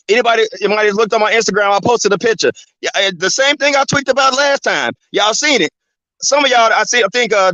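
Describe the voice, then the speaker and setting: High, bright-voiced man ranting on a dull recording. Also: no room sound. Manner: rambling, profane, peppered with "man" and "you know what I'm saying". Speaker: channel host. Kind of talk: casual ranting monologue.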